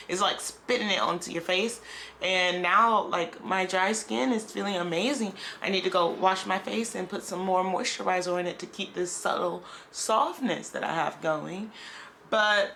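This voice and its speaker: A woman's voice: mid-range voice, vocal fry, sharp tone, a little hiss or hum. A woman vlogger talking candidly in a casual, rambling video diary.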